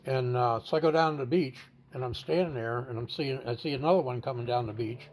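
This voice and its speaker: A man's voice: medium pitch, fast, a little hiss or hum. A man candidly telling a personal story in an interview, blunt and plain-spoken, stumbling over and repeating words as he goes. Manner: stammers and repeats words while recounting.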